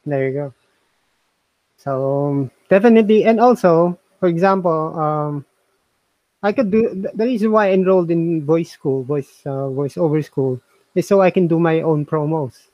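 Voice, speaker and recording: Guy hosting a laid-back review chat, stop-start talk, a bit high, dead dry room. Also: no room sound, dull audio. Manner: halting, repeats words, often trails off. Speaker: host reviewing software. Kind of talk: casual chat.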